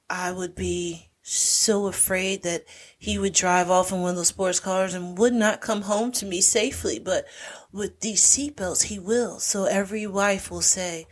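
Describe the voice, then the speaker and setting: Her mid-range voice runs a little slow as she co-hosts a podcast. She chats casually through a movie recap, an animated storyteller who performs the characters' lines.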